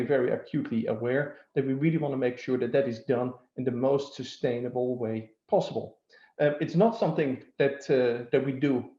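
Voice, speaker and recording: A man's voice: medium pitch, mellow, reverberant, highs cut off. A man giving a webinar presentation, speaking steadily with many "uh" and "um" fillers.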